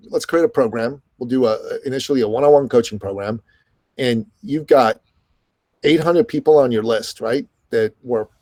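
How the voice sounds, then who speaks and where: A middle-aged man tells a success story at a quick, lively clip. His voice sits at an ordinary male pitch, and the sound is close and dry with no room around it. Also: no echo. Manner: animated, fast storytelling with quoted dialogue. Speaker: podcast host and business coach, guest. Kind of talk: storytelling in an interview.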